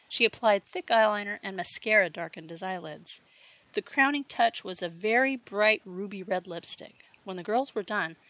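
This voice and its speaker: Woman, audiobook narrator, steady storytelling, bright, dry recording. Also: mid-range voice, dry recording, low-quality recording. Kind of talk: erotic fiction reading.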